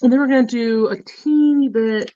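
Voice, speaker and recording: A woman's voice: on the high side, normal speed, warm tone, dry recording. Blunt, swearing woman on dull lo-fi audio. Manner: casual, blunt, swears freely. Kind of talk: casual chat while doing makeup. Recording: dull lo-fi, dry sound.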